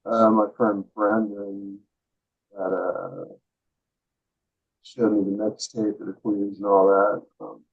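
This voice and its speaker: A man answering interview questions as a guest, hesitant and soft-spoken with many pauses. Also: fairly low pitch, little pitch movement, gravelly, breathy edge. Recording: phone-like remote call audio.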